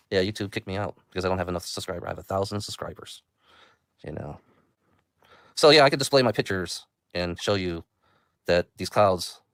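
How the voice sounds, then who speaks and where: A man's voice: deep voice, creaky, fairly bright tone, no room sound, clean studio sound. A man hosting his own livestream, talking casually in a meandering way and taunting viewers. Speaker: livestream host.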